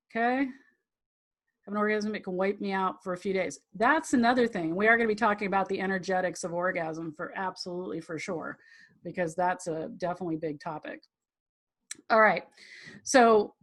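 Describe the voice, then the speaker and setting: A woman teaching a tantra class, talking in a chatty, rambling way, acting out quotes and laughing often. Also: mid-range voice. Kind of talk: live online class teaching.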